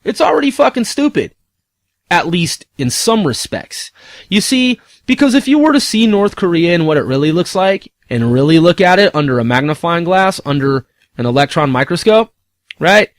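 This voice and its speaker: Man, high voice, swearing rant, rhetorical questions, dry close sound. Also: sing-song, normal speed, no echo. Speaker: commentator. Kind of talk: casual ranting commentary.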